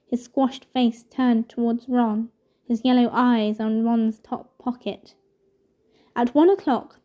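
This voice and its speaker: A woman reading a novel aloud in steady, measured narration. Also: a little high, dull audio. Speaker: storybook reader.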